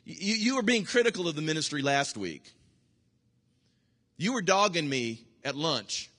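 A male pastor preaching a sermon, emphatic and repetitive, swinging between loud bursts and hushed asides. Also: on the high side. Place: church sanctuary. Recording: long hall reverb.

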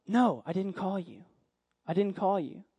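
A preacher putting on a drowsy old priest. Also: male voice, sits high, expressive, warm tone, slightly rough, dry recording, muffled recording, voice pushed down, exaggerated voice. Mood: calm. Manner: slow, drowsy, stammering. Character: sleepy old male priest, weary and patient.

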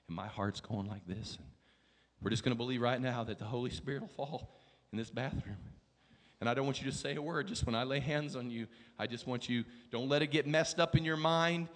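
A male pastor preaching a sermon, telling a story in a hushed voice and building up to shouted exhortation. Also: medium pitch, fairly quick. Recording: long reverb of a large hall.

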